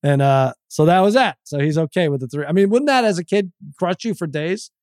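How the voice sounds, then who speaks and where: A middle-aged man as podcast guest, telling his story with energy, stumbling over repeated words and acting out quotes. His voice sits a touch high for a man. The sound is close and dry, with no room echo. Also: brisk. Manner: animated storyteller, stammers, acts out quotes. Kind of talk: casual chat, storytelling.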